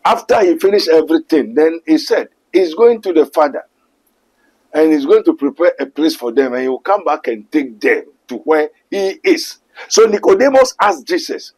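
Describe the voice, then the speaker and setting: Ghanaian male preacher, animated delivery with a husky edge, leads a call-and-response. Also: fairly high pitch, moderate pace, poor audio. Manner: emphatic, quotes scripture, mixes English and Twi.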